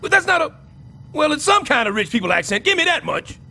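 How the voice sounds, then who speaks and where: An actor playing a loud, wisecracking, scheming middle-aged building super in an animated sitcom. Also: male voice, fast, creaky, faint music behind, heavily acted. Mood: blustering. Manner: loud, wisecracking, swings wildly in pitch.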